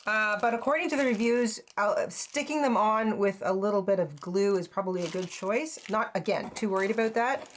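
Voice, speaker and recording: A woman's voice: medium pitch, brisk, hardly any pauses, slight background noise. A woman hosting a crafting channel, chatting casually and gushing over each piece with frequent exclamations and little laughs. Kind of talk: casual unboxing chat.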